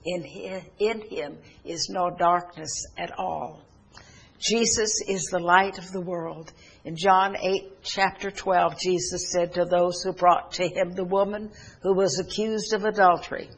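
A woman preaching a sermon, telling a story earnestly with halting pauses and restarts. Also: on the low side, fairly even intonation, breathy edge.

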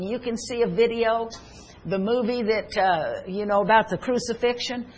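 A woman's voice: medium pitch, husky. An older woman preaching a sermon in an earnest, personal way, mixing scripture with stories from her own family.

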